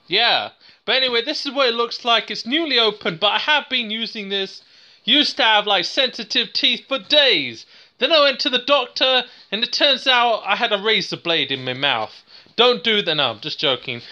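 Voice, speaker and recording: A man's voice: high voice, bright, forceful tone, lo-fi sound. A man with a British accent giving a casual, unscripted product review, rambling and joking at his own expense. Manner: rambling, jokey and self-mocking.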